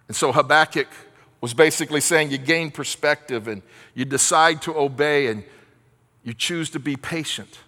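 A man's voice: a little high, normal speed, bright, forceful tone, big-room sound. A man preaching a sermon as pastor, earnest and repetitive, asking rhetorical questions.

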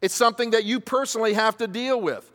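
Speaking fast in an extremely high, fairly bright voice, a pastor preaches a sermon with call-and-response. He asks the congregation questions to answer and keeps repeating key phrases for emphasis. The recording has a long hall reverb.

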